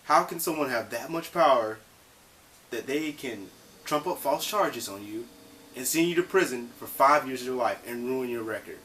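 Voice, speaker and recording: A man's voice: mid-range voice, expressive, moderate pace, bright, forceful tone, slight background noise, low-quality recording. A man presenting a vlog, commenting in an indignant, impassioned way and swearing now and then. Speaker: vlogger.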